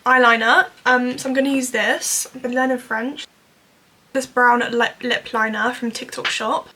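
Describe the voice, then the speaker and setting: A woman's voice: a little high, steady tone, normal speed, sharp tone, slight background noise. A woman in her twenties chatting candidly through a makeup tutorial, full of fillers like "like" and "you know". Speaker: vlogger. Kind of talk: casual makeup tutorial talk.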